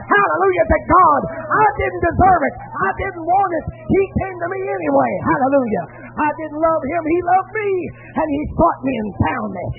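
A man, preaching a fervent, storytelling sermon full of shouted hallelujahs. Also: extremely high pitch, normal speed, few pauses. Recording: tinny lo-fi line with faint music.

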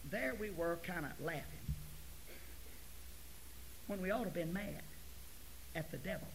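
A male preacher giving a folksy sermon, dropping to near-whispers and then rising to loud, forceful preaching. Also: high-pitched, creaky, a little hiss or hum, rough recording. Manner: folksy storytelling.

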